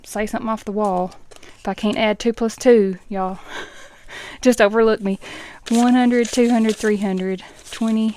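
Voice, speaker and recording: A middle-aged woman talks in a relaxed, casual way while she counts money out loud. She adds chatty asides between the counts, and now and then drops into a soft whisper. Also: mid-range voice. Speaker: budgeting vlogger.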